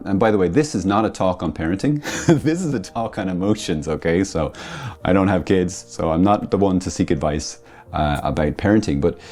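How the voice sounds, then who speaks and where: Male priest, low mellow voice; relaxed teaching talk, homely examples, animated quotes. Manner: conversational, explains with homely family examples; acts out quoted voices with lively rises. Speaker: Catholic priest and friar. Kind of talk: spiritual talk to an audience.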